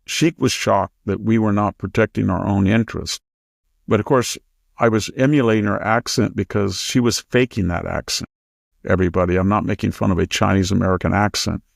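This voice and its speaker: Low gravelly man lecturing on politics. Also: moderate pace, dry recording, clean studio sound. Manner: emphatic, lecturing. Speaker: host. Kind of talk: political commentary chat.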